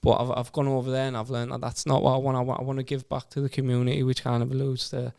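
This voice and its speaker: Gravelly young Teesside man, earnest. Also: medium pitch, completely flat delivery, rapid-fire, a little mellow, dry recording, clean studio sound. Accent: Teesside English. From Stockton-on-Tees, England. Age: 20s. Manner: repeats words and restarts often, earnest. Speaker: podcast guest. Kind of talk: casual conversational storytelling.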